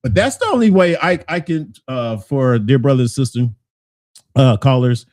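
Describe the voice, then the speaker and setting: A relaxed man talks to his listeners in a loose, conversational way, laughing often and repeating his favorite filler phrases. His voice sits at a middle pitch for a man. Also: normal speed. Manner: laid-back, conversational, laughs often, repeats "you know what I'm saying". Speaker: talk show host reading listener comments. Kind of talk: casual commentary.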